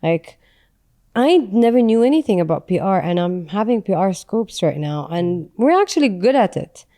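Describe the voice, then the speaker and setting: A woman's voice: medium pitch, very animated, moderate pace, mellow. A woman in her thirties, a podcast guest and business founder, talking candidly and reflectively with frequent "um"s. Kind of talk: casual conversational interview.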